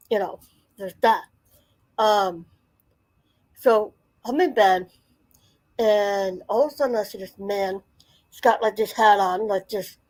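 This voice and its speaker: A woman's voice: medium pitch, darkish tone, poor audio. A woman in her forties telling a personal story in a casual, rambling way, full of fillers and restarts. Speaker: channel host.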